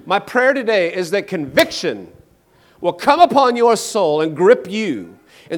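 Preacher guy, kinda high voice, big emphatic swings loud to quiet, sermon testimony. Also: big pitch swings, a little slow. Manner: emphatic, swings between loud declarations and hushed lows.

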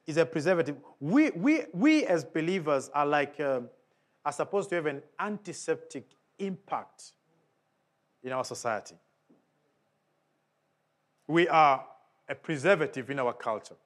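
A man's voice: animated, unhurried, pauses often. A man preaching a sermon in an emphatic way, often putting questions to the congregation. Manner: emphatic, with big swings of pitch and volume.

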